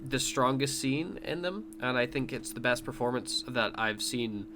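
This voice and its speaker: A man's voice: medium pitch, expressive, normal speed, background noise. A man co-hosting a podcast, chatting casually and rambling as he recaps scenes, laughing often. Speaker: podcast co-host. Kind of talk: casual review chat.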